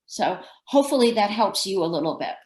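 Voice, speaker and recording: A woman's voice: mid-range voice, expressive, a little fast, darkish tone, echoey room, poor audio. A woman presenter giving advice on a webinar, checking in often with "okay?". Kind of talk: advising in a video call.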